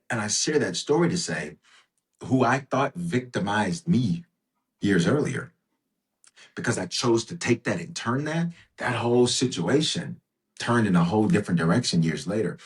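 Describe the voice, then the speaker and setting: A deep-voiced man speaks as a podcast guest, telling stories with real emphasis. He repeats phrases to drive his points home, and his voice jumps up in pitch when he stresses something. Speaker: bishop and guest. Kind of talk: conversational storytelling.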